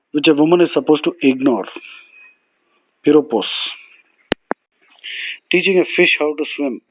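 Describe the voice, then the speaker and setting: A man teaching foreign words and phrases, saying each one, spelling it letter by letter and giving its meaning in a slow, deliberate way. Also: mid-range voice, no echo. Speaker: vocabulary teacher. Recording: tinny phone-like audio, dry.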